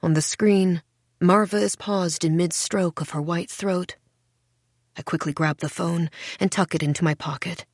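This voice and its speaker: A woman reading a first-person audiobook in a wry, measured, deadpan way. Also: fairly low pitch, no room sound, clean studio sound. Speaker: audiobook narrator. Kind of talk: first-person literary narration.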